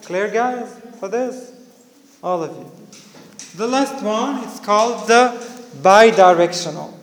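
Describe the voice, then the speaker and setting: A male teacher giving a classroom lecture, explaining step by step and often checking with "okay, guys? clear?". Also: high voice. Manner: explains slowly step by step, repeating key words. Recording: reverberant room.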